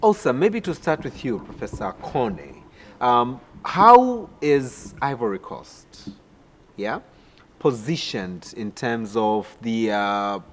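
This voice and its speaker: A man hosts an interview program and puts his questions in a formal way, pausing here and there. A long reverb trails after his words. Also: fairly low pitch, darkish tone. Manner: formal, with pauses and fillers. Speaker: program host. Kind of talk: interview hosting.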